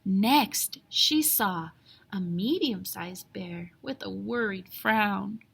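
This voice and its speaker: A woman teacher reading a storybook aloud to young children, animated, with whispered asides. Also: mid-range voice, slow, gravelly, slightly rough.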